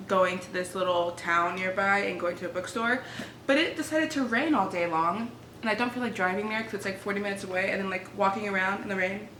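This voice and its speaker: Chatty girl in her 20s vlogging from home, middle pitch, bit of hiss in the background. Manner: chatty and excitable, talks to viewers as friends. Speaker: book vlogger. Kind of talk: casual reading vlog chat.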